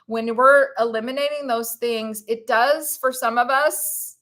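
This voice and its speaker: Gushing, bright-voiced woman streamer. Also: fairly high pitch, fairly even intonation, measured pace, hardly any pauses. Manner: warm, gushing, emotional, gets choked up; reads viewer comments aloud to the chat. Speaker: vlogger hosting a live stream. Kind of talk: casual live-stream chat.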